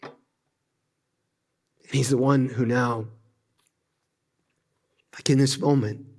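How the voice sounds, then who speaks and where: A man preaching a sermon at a church service, impassioned, often sinking to hushed, intimate tones. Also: mid-range voice, fairly even intonation, slow. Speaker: pastor.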